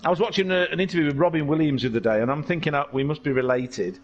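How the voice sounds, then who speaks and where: A man's voice: on the high side, very fast, highs cut off. A man giving jokey, rambling live commentary on a sim race. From England. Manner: excitable, jokey, tangent-prone.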